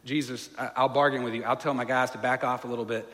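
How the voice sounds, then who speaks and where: A man's voice: mid-range voice, fairly even intonation, fast, a bit bright, natural voice. A man voicing a desperate father who pleads and hurries others along, in an urgent, pushy way. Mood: pleading. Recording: long reverb of a large hall.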